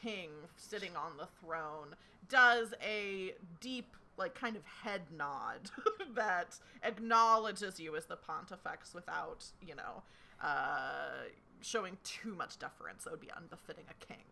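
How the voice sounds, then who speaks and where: A woman game master narrating a tabletop game into a home microphone, chatty and prone to giggles. Her voice is bright and animated, with a lively pitch. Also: a little slow, gravelly. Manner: chatty, giggly, filler-heavy.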